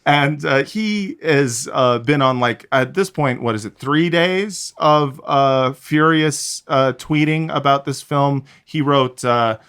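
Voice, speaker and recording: A man in the middle of the pitch range co-hosts a podcast. He talks in a loose, sarcastic way and rambles with plenty of fillers. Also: slow, hardly any pauses, a bit bright, clean tone. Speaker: podcast co-host. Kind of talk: casual podcast chat.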